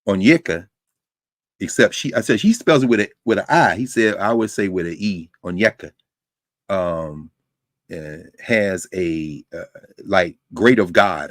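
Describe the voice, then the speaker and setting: A man lecturing to a university class, talking in a lively, conversational way with frequent asides to his students. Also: sits low, moderate pace, no echo. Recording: dry close sound.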